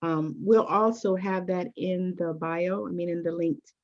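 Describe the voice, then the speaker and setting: Lower-voiced woman podcast host. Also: fairly even intonation, a little slow. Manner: enthusiastic, many fillers. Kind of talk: podcast interview. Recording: dull lo-fi audio.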